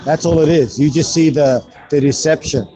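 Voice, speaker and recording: A man's voice: on the high side, moderate pace. A man co-hosting a podcast, speaking in an emphatic, affirming way in casual chat. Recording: distant mic with loud music behind.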